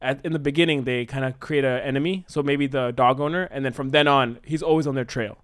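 A man brainstorming a story idea in casual conversation, acting out his characters' lines as he pitches them. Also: quick pace, smooth. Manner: animated, acts out characters' lines mid-pitch.

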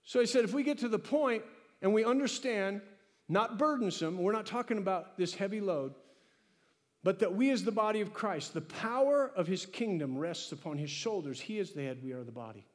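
A man preaching a sermon as pastor, animated, acting out his own talks with God. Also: high voice, normal speed. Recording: long hall reverb.

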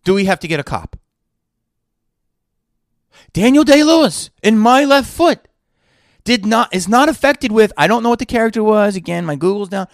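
A man's voice: high-pitched, lively intonation, moderate pace, creaky, pauses often, dry recording, studio quality. A man hosting his own podcast, ranting with sarcastic rhetorical questions in an indignant monologue. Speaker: podcast host and actor.

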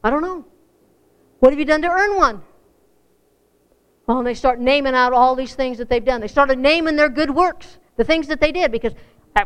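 High-voiced, clear-toned woman preaching. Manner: folksy, earnest, rising to fervent emphasis. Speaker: church speaker. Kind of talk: sermon to a congregation.

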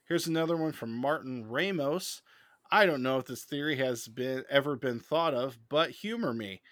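A middle-aged man co-hosting a casual fan chat podcast, animated and quick to laugh while retelling scenes. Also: medium pitch, dry recording, clean studio sound. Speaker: podcast co-host.

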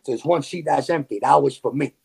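A man with a New York accent telling a story in a casual, animated way, full of slang and fillers. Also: medium pitch, a little fast, vocal fry, breathy edge. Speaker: podcast guest.

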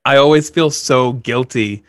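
A man in his thirties chatting casually as a podcast co-host, self-deprecating and quick to laugh. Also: medium pitch, dry recording, studio quality. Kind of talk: casual chat.

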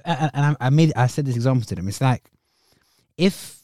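A man's voice: medium pitch, lively intonation, fairly quick, mellow, dry recording. A young man, co-hosting a podcast and earnestly arguing his point in casual chat. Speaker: podcast co-host.

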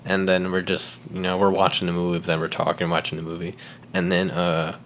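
A young man tells a story on a podcast, easygoing and animated, with a fairly low voice. He keeps saying "like" and "right?" and breaks into laughter. A faint hiss sits under the recording. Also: a little fast. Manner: animated, acts out quotes, laughs often, says "like" and "right?". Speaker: podcast guest. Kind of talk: casual storytelling chat.

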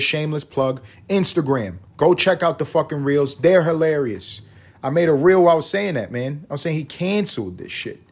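A man hosting his own podcast, ranting in a profane, sarcastic and rambling way. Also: a little high. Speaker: podcast host. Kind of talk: casual rant.

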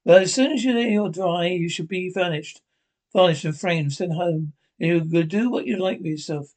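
A man's voice: high-pitched, moderate pace, a little mellow, natural voice. A man reading aloud, voicing an earnest grown male painter who speaks in an earnest, pleading way.

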